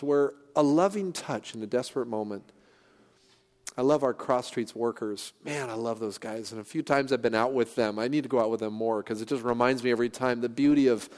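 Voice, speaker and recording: A middle-aged man delivers a sermon in a church at an ordinary, middle pitch for a man. He talks earnestly and conversationally, pausing and restarting as he goes. His voice trails off into a long hall reverb. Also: a little mellow. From San Francisco Bay Area, California. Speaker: pastor. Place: church sanctuary.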